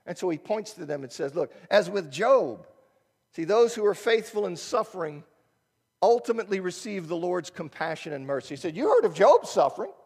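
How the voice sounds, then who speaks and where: A man preaching a sermon in a conversational, animated way, asking rhetorical questions and breaking off mid-sentence. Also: sits high, moderate pace, creaky, husky, big-room sound. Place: church sanctuary.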